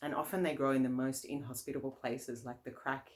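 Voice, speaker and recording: A woman's voice: very deep voice, fairly even intonation, fairly quick, a little mellow. A woman, a Buddhist nun and teacher, giving a casual, conversational dharma talk, often laughing and circling back with fillers and restarts.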